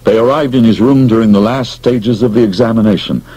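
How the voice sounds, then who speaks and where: A man narrating an audiobook in an expressive, dramatic storytelling manner. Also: on the low side, a little fast, slightly rough, rough recording.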